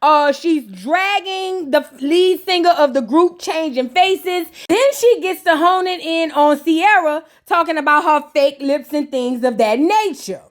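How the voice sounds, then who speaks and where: Sassy high-voiced woman recapping gossip. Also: lively intonation, a little slow, few pauses. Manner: gossipy, sassy, colloquial storytelling. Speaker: show recap host. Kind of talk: comedic reality show recap.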